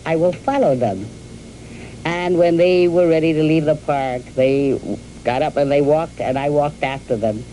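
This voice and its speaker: An older woman from New York telling the story of her youth and marriage to her husband, in a halting storytelling way with repeated words and fillers. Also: low voice, fairly even intonation, warm tone, a little hiss or hum, low-quality recording. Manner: addresses her husband directly. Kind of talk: reminiscing in an archival interview.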